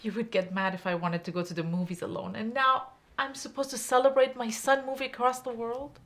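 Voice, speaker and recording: A woman's voice: fairly high pitch, steady tone, a little fast, fairly bright tone. An actress playing an immigrant woman in a film drama, emotional and stammering when flustered. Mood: bitter. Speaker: immigrant woman locked in her basement.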